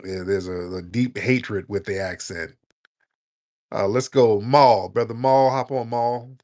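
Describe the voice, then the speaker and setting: A man hosts a late-night call-in room with a loose, joking delivery full of slang. His voice sits a touch low and he talks bluntly, as if he has no time to waste. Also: steady tone, a little slow, darkish tone. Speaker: host of a live audio chat room.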